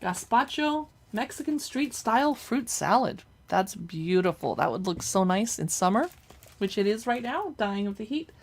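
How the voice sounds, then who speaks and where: A woman's voice: medium pitch, sing-song, normal speed, breathy edge. Chatty woman reading cookbook recipes. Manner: chatty, reads recipe names aloud with reactions. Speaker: cookbook reviewer livestreaming. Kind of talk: casual live cookbook look-through.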